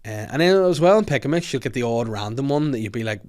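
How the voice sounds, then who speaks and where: A man's voice: mid-range voice, animated, quick pace, few pauses, darkish tone. A young man with a Northern Irish accent hosting a comedy podcast, rambling and jokey with crude asides. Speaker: podcast host. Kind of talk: casual comedic chat.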